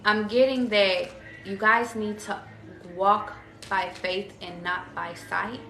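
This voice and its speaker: A woman's voice: medium pitch, steady tone, slow pace, vocal fry, sharp tone, reverberant. A woman giving a casual tarot reading to her viewers. She talks in a slangy, profane, chatty way and calls them y'all. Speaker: tarot reader.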